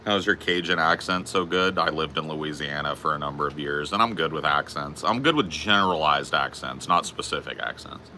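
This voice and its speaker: A man's voice: extremely low pitch, fairly quick, pushed and bright, a little hiss or hum. A man hosting a casual podcast chat, crude and laid-back, calling people bro. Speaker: podcast host.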